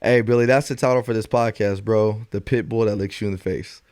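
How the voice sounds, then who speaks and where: A man's voice: on the low side, fairly even intonation, a little fast, a little mellow, no echo, clean studio sound. A man hosting a podcast, a police officer talking earnestly in a casual chat.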